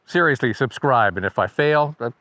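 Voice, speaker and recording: A man's voice: mid-range voice, expressive, moderate pace, bright, forceful tone, dry recording. A man hosting a casual birding video, talking in a chatty, wry way and mimicking bird songs with his voice. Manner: chatty and wry, imitates birdsong by voice. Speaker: birding guide and video host. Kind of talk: casual educational video narration.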